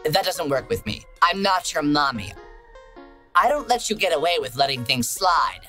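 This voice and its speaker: A woman's voice: low voice, expressive, normal speed, sharp tone, faint music behind. An actress playing a stern, sarcastic woman who scolds a lazy young man in blunt terms. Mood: scolding. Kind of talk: game dialogue.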